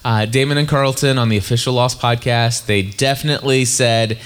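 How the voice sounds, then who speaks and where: A man co-hosting a casual podcast, talking in eager bursts that speed up and then slow down. He restarts his sentences as his thoughts race ahead. His pitch sits at an ordinary middle height. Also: steady tone, clean tone. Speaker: podcast co-host. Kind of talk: casual chat.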